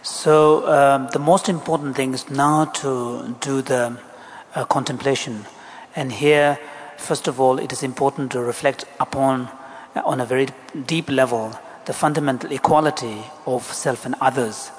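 A man interpreting a Buddhist teaching into English, explaining in a measured, deliberate way. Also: medium pitch, fairly even intonation. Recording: echoey hall, faint background noise.

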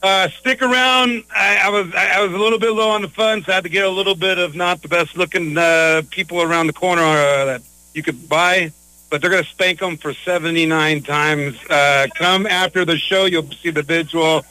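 A man's voice: sits high, steady tone, moderate pace, sharp tone, clean tone, rough recording. A man hosting a casual interview, loose and chatty with lots of fillers. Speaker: interviewer, host.

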